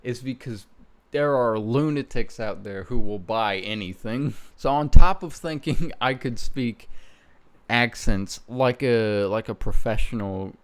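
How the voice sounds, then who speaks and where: A young man in casual commentary, poking fun at himself with a dry, joking edge. His voice sits at an average pitch. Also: unhurried. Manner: self-mocking, joking, laughs at himself. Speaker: YouTuber host. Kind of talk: casual commentary on old videos.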